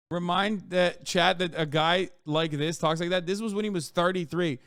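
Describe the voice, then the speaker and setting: A man streaming, ranting in casual commentary with a profane, mocking edge that swings from low mutters to loud outbursts. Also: steady tone, moderate pace, hardly any pauses, smooth, dry recording, clean studio sound.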